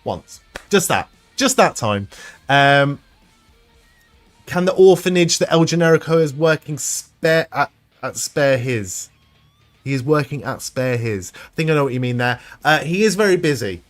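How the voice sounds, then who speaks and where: A man's voice: fairly high pitch, lively intonation, a little slow, faint music behind. A man hosting a live stream, chatting casually with viewers, rambling and swearing freely. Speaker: livestream host reading chat.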